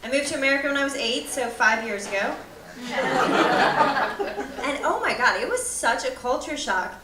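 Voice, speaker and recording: A woman's voice: sits high, animated, normal speed, heavy background noise. A young woman from Ireland doing stand-up in a comedy club, chatting with the crowd. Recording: echoey club from far off. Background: laughing audience.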